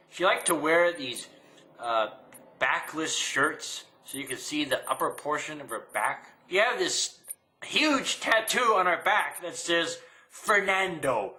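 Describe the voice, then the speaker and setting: A young man holds forth to the camera in a sarcastic, rambling rant, breaking into laughter at his own jokes. His voice is bright and fairly high, and it swings widely in pitch while he takes his time. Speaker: vlogger. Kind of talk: casual ranting monologue.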